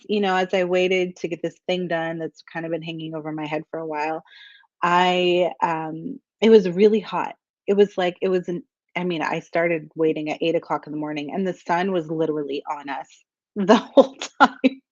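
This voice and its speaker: A woman's voice: sits low, darkish tone, no echo, muffled recording. A woman, likely a coach for women entrepreneurs, telling a personal story in a casual rambling way with fillers, restarts and frequent little laughs.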